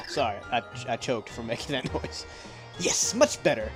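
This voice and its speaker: Rambling young man narrating gameplay. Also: medium pitch. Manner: rambling, self-deprecating, stumbles over words. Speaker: let's play host. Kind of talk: casual gameplay commentary. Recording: game music behind.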